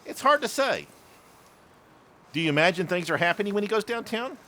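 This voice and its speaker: A man's voice: high-pitched, big pitch swings, fairly quick, bright, forceful tone, slight background noise. A man in his later years telling a rambling childhood story, often laughing at himself. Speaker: vlogger. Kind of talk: casual storytelling monologue.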